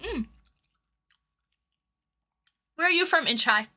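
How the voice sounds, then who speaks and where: Speaking slowly with lively intonation, this Toronto woman has a high, bright, forceful voice. She hosts a casual livestream, greeting her viewers by name in a bubbly, talkative way, her nose running from hot sauce.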